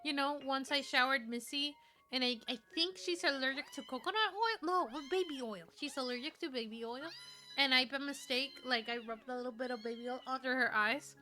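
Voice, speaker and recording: A woman's voice: high-pitched, a little fast, sharp tone, faint music behind. A woman streamer chatting casually on a livestream, gushing and cooing in baby talk at a cat video. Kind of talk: casual livestream reaction chat.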